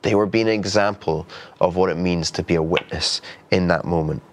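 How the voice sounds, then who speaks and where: A man's voice: sits low, a little fast. A man preaching a sermon in an earnest, conversational way, with frequent restarts. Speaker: pastor.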